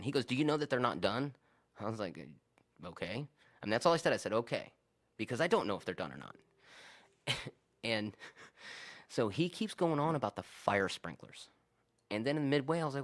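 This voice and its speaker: Profane, animated man telling stories. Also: mid-range voice, fairly quick. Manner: animated, profane, acts out both sides of arguments. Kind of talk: casual storytelling chat.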